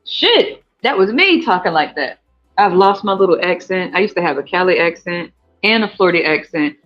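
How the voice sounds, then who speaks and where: A man with an American country accent hosting a casual livestream chat, animated and profane, laughing often and jumping into high squeals. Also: brisk. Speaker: podcast host. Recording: dull lo-fi audio with faint music.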